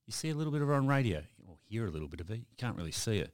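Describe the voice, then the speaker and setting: A man's voice: lowish voice, very animated, very fast. A man hosting a podcast interview, chatty and prone to restarts. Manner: chatty, stumbling over restarts. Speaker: podcast host. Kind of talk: casual interview.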